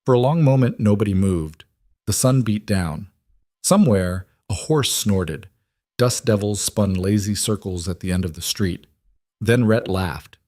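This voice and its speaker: Low-voiced male story narrator. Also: expressive, warm tone, dry recording, clean studio sound. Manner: measured, grave storytelling. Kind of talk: scripted western story narration.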